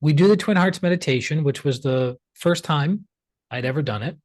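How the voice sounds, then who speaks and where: A man's voice: a little high, moderate pace, no echo. Chatty man telling a story, dry sound. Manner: chatty and animated, acts out quoted dialogue, many "like" fillers. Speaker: pranic healer, podcast guest. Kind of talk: storytelling in a conversational interview.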